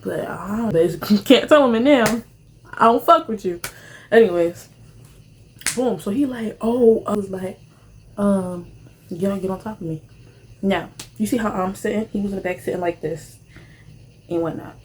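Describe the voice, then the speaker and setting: A young woman rambles through a storytime while she eats at home. Her talk is animated and slangy, often leaping up into excited squeals. A faint background hum sits under her mid-pitched voice. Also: moderate pace, long pauses. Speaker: vlogger. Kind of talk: casual storytime while eating.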